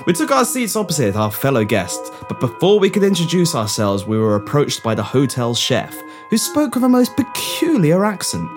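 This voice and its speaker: A man's voice: a little high, wildly swooping pitch, moderate pace, few pauses, over music. A man narrating a comedy story in a theatrical, giggly way. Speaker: narrator and co-host.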